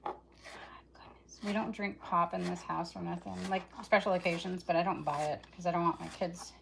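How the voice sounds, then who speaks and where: Gravelly-voiced woman chatting while cooking. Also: fairly low pitch, fairly even intonation, fairly quick. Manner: rambling, chatty, talks straight to viewers. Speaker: cooking vlogger. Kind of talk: casual live cooking chat. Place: home kitchen. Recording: loud kitchen chopping noise. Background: chopping and kitchen clatter.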